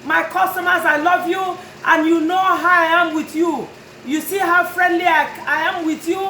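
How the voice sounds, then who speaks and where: A woman's voice: very high voice, steady tone, moderate pace, bright, forceful tone, reverberant, a little hiss or hum, low-quality recording. A woman who runs a notary business, speaking straight to her customers in an earnest, pleading but firm way. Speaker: notary and tag and title business owner. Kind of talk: direct-to-camera talk to customers.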